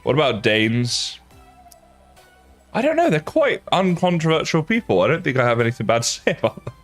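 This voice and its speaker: A man's voice: medium pitch, lively intonation, brisk, faint music behind. A young man chatting casually while streaming a game, self-mocking and laughing often. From England. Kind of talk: casual live-stream chat while gaming.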